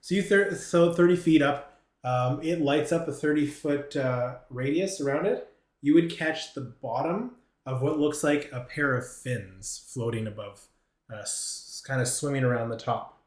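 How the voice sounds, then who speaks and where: Man, game master, mid-pitched, halting delivery, echoey home mic. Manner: hesitant, many fillers and restarts. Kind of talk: narrating a tabletop game.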